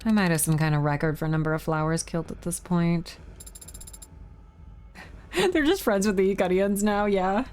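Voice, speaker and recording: A woman's voice: fairly low pitch, normal speed, pauses often, darkish tone. Chatty woman streamer reacting to a game. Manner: chatty, laughing asides. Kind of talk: reading game dialogue aloud.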